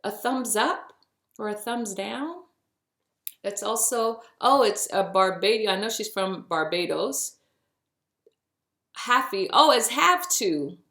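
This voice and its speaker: A woman talks through her spiritual podcast in a loose, playful style, calling the listener honey and boo. Her voice sits at a middle pitch. The recording is roomy, with a clear echo around her. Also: lively intonation, measured pace, a bit bright. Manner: chatty and playful, with pet names like honey and boo. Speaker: podcast host. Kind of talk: casual spiritual podcast monologue.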